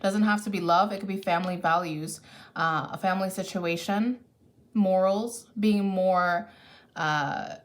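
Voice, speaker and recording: Her voice is lowish and a little slow as this tarot reader gives a relaxed, caffeinated reading. She chats freely, thinking out loud and catching and correcting herself with frequent restarts.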